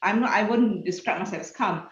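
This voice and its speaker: A woman panelist talking in a casual video panel, animated and acting out quotes as she tells stories. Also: mid-range voice, a little fast, echoey room, highs cut off. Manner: animated storyteller, acts out quotes.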